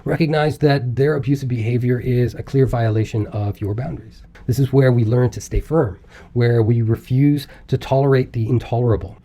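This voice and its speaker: A man giving a self-help video talk as a recovery coach, calm and encouraging, with casual asides and the odd laugh. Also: medium pitch.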